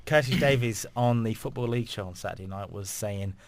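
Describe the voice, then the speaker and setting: A man's voice: lowish voice, a little fast, gravelly, dry recording. A man hosting a casual football podcast, joking and laughing as he steers the segments. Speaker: podcast host.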